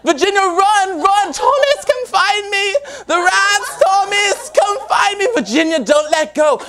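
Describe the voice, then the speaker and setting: A man's voice: very high-pitched, lively intonation, a little slow, noisy background, pitched above the performer's own voice, exaggerated voice. A man playing a panicked Victorian woman fleeing rats, shrieking theatrically. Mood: frantic.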